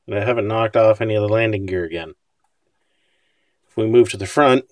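A man's voice: lowish voice, no echo, studio quality. A man casually talking through his scale model build, wry and self-deprecating about his mistakes.

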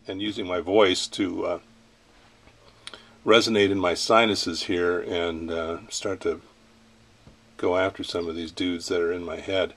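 A middle-aged man with a stuffy, nasal voice from a sinus infection, rambling in a casual vlog with many fillers and throat-clearing. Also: deep voice, steady tone, takes it slowly, long pauses. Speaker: vlogger. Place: ranch, indoors.

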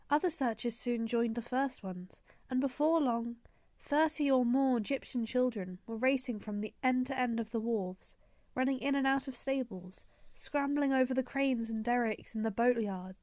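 A woman narrating an audiobook in a steady storytelling voice. Her pitch sits on the higher side. The sound is dry and close, with no room around it. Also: normal speed, no echo. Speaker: audiobook reader.

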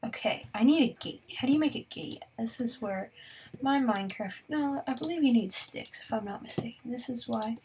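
Young woman, gaming commentary, chatty, slips into whispers, slightly high pitch, faint background hiss. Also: moderate pace, gravelly, a little mellow. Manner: chatty, talks straight to viewers, often drops to a whisper. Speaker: gaming YouTuber. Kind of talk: casual Minecraft let's-play commentary.

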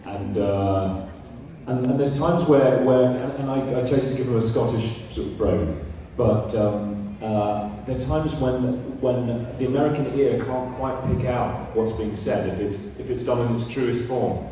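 A man's voice: medium pitch, unhurried, hardly any pauses, dark tone, slight background noise. A man speaking as a voice actor on a convention panel, explaining the craft with practical tips. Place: large convention hall. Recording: echoey hall, distant mic.

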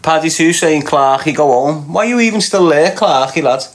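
A man with a Liverpool accent hosts a livestream, reading out viewer comments to tease them with banter and plenty of laughter while talking back to chat. His slightly high voice moves at normal speed, and there's a little hiss or hum in the recording.

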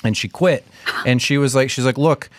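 A man's voice: mid-range voice, a little fast, dry recording. A man guesting on a podcast in a studio, telling long rambling stories in casual chat. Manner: rambling anecdotes with restarts and profanity. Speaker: comedian guest. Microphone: studio mic.

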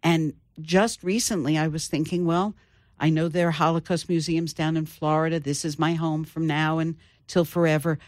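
An older woman, an author, telling her family story in an interview with thoughtful pauses. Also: deep voice, steady tone, darkish tone, dry recording, studio quality. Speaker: author guest. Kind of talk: interview conversation.

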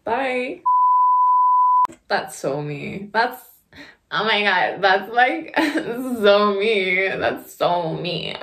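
A woman's voice: medium pitch, lively intonation, drawn-out words, long pauses, fairly bright tone. A young woman vlogger giving casual, sarcastic reaction commentary and swearing freely.

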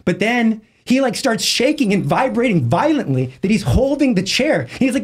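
A man, a lay evangelist, telling a story as a podcast guest, acting out the people he quotes with sudden jumps in pitch and rushing through his asides. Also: sing-song, breathy edge. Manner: acts out quoted voices with big jumps in pitch; rushes asides in quick bursts. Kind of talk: animated storytelling in conversation.

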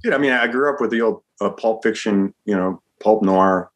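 A man, a screenwriter being interviewed, talking in an energetic, rambling way and calling the host dude and man. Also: fairly low pitch, moderate pace. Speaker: screenwriter guest. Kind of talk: casual interview chat.

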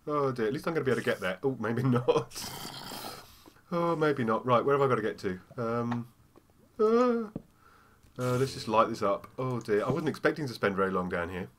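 A man chats through a game session in casual let's-play commentary, his pitch rising and falling a lot. He keeps up a string of "oh dear" asides. Steady background noise hangs over the home recording. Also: fast talker. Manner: chatty, given to "oh dear" asides. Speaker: gamer.

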